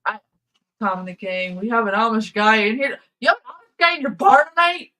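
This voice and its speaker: Woman, livestream host, casual rambling chat, frequent laughs, bright tense voice. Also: a little high, big pitch swings, a little fast, poor audio. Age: adult, past high school. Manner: rambling storyteller, laughs often.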